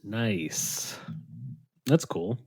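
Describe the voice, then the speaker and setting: Lively-voiced man hosting a podcast. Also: fairly low pitch, extremely slow, breathy edge, no room sound, studio quality. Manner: laughs often, teasing. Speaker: podcast host. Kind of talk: casual chat.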